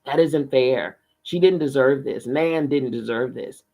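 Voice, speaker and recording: A man's voice: medium pitch, measured pace, vocal fry, warm tone. A man reading aloud, voicing a grieving middle-aged father who pleads with raw emotion. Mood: anguished. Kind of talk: audiobook reading.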